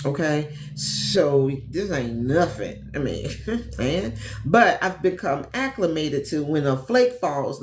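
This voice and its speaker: A woman from the Midwest hosts a casual livestream, talking straight to her viewers and calling them "y'all". Her pitch swings widely as she chats. She is recorded in an echoey room with a faint hum of ambience behind her. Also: takes it slowly. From Gary, Indiana, USA. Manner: chatty, animated, talks straight to viewers as "y'all". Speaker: host, travel agent and business coach.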